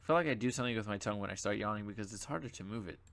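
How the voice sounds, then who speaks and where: A man's voice: lowish voice, rapid-fire, gravelly, a bit bright. A young man casually commenting on his own gameplay as a channel host, sleepy and yawning, rambling with lots of fillers and asides.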